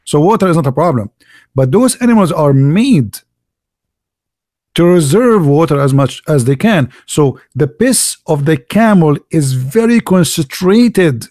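Mocking man with a higher voice. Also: expressive, a little slow, darkish tone, dry recording, clean studio sound. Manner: mocking, with rhetorical questions; repeats words for emphasis. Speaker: channel host. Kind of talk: polemical monologue.

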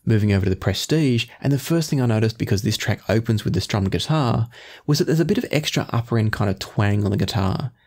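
A man reviewing earphones in measured talk, often qualifying his claims. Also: fairly low pitch, animated, darkish tone. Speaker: audio gear reviewer.

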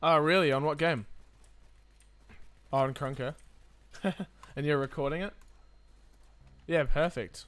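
An excitable man streaming a game live, chatting away to his viewers as he plays. His voice sits a little high for a man, and he jumps from commentary to cheering. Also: slow, pauses often, no room sound. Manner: excitable, chatty, talks to viewers while playing.

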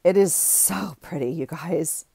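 Low-pitched, gravelly and husky with a dark tone, a middle-aged woman slowly gushes over craft finds. Her casual haul chat rambles and often breaks off mid-sentence, and the studio-quality audio has no echo.

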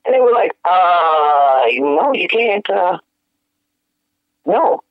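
Guest musician, male, high voice, animated storyteller, tinny phone-like sound. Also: slow pace, no echo. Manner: animated, laughing, slangy and profane. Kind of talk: casual storytelling chat.

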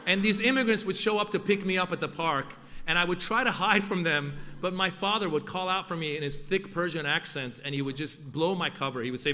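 An Iranian-born man raised in Northern California hosts a formal event with stand-up comedy, his delivery playful and punchy. His voice is high, pushed and bright, moving a little fast with few pauses. The hall is echoey, with faint noise.

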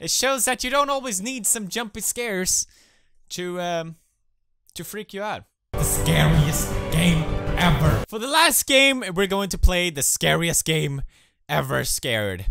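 A man in his twenties hosting a let's-play video, goofy and profane, bursting into shouts. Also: high-pitched, very animated, unhurried, clear, resonant tone, no echo, faint music behind. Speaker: gaming video host.

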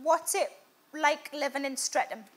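A woman's voice: sits high, measured pace. A woman hosting a comedic talk show interview, cheeky and giggly, with frequent ums. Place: television studio with live audience. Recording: studio audience laughter and noise.

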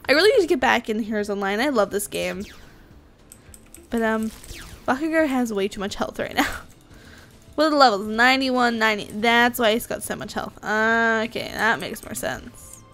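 A young woman casually commenting on her gameplay, excitable and chatty, often squealing with surprise. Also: a little high, normal speed. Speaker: gaming YouTuber. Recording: faint game music behind.

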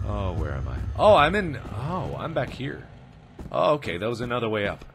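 A man's voice: mid-range voice, sing-song, a little slow. A man commentating a horror game let's play, jumpy and giggly, screaming at scares and muttering to himself in between. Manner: chatty self-talk, mutters and whispers between scares. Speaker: gaming video host. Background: game music.

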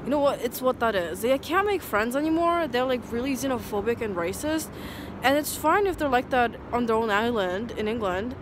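Woman, casual rant, rambling, swears a lot, slightly high voice. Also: lively intonation, normal speed, background noise. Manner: profane, rambling, heated. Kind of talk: casual ranting monologue.

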